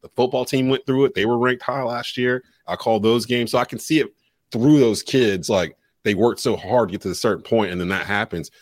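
A man from North Carolina who calls games on radio, talking casually on a podcast with a relaxed delivery and frequent "uh" and "um". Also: medium pitch, fairly quick, no echo. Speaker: sports radio host and play-by-play caller.

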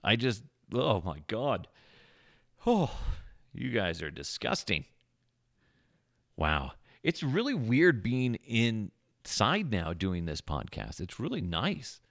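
A man with a deep, gravelly voice talks through a casual podcast monologue from his home desk. He jokes crudely and swears freely, and the sound is close and dry. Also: huge pitch swings, slow, pauses often, a bit bright, no room sound. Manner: crude, joking, profane. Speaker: podcast host. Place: home office, indoors. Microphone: podcast microphone.

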